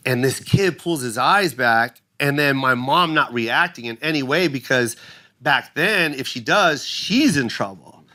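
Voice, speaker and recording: A man's voice: medium pitch, animated, unhurried, pushed and bright. A middle-aged man from the United States tells an emotional story in casual chat, swearing often and acting out his mother's voice. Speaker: comedian guest.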